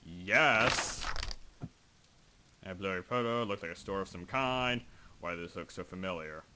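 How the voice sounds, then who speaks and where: Low-voiced young man rambling over gameplay. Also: measured pace, pushed and bright, slight background noise. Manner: rambling and self-joking, reads in-game text aloud. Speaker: gaming video host. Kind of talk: casual let's play commentary. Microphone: desk microphone.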